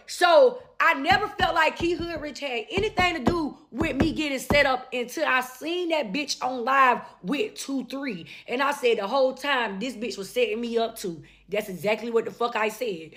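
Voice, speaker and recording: A young woman telling a story in a profane, animated way, repeating lines for emphasis. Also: sits high. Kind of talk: casual storytime.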